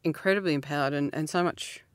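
A middle-aged woman, talking earnestly as an interview guest, laughing often and jumping up in pitch. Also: quick pace, smooth, no echo. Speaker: author guest. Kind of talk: reflective interview talk.

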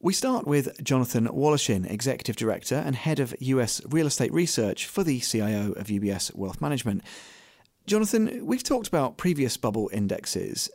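A male host introduces the panel and asks questions in a crisp, formal manner. His pitch moves a lot. The studio sound is dry. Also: a little mellow, no room sound. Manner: crisp, formal presenter delivery. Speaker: radio host. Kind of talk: scripted introduction and interview questions.

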